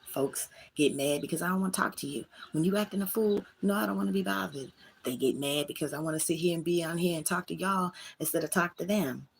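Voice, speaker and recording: A woman's voice: on the low side, quick pace, vocal fry, slight background noise. A woman hosting her own livestream, speaking, candidly venting and talking straight to her chat from a small room at home. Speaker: livestream host.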